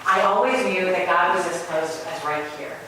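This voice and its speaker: A woman's voice: fairly low pitch, moderate pace. A woman giving a conversational sermon to a live audience, telling personal stories with wry humor. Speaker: spiritual speaker. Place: large hall with a live audience. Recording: echoey hall, far off, background hiss.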